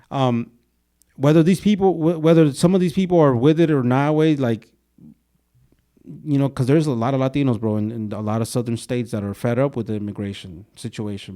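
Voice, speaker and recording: A man's voice: medium pitch, dark tone. A young man co-hosting a podcast in casual, slangy talk, saying "bro" a lot and slipping into Spanish words. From Mexico. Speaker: podcast co-host.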